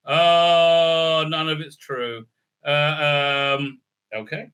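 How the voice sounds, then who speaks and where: A man's voice: on the high side, little pitch movement, drawn-out words, fairly bright tone, clear, resonant tone. A man giving a sarcastic, profane recap review full of fillers and restarts. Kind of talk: casual ranting recap.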